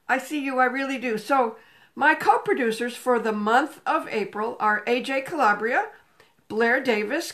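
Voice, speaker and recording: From a room with a table at home, this older woman livestreams casually, talking and greeting viewers by name through a phone camera on the table. Her voice sits high with a fairly bright tone.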